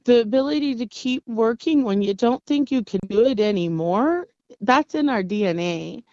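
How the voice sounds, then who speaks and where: A woman in her thirties, from the Navajo Nation, telling personal stories in an interview with an earnest, halting manner. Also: fairly high pitch, animated, mellow, dry recording, dull audio. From Navajo Nation, US Southwest. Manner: earnest, halting, with frequent restarts and laughs. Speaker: interview guest. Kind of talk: reflective personal storytelling.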